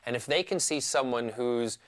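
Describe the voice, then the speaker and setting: A man's voice: mid-range voice, moderate pace. A man from Scotland, a guest on a television interview, talking earnestly and openly with easy laughs. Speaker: studio guest.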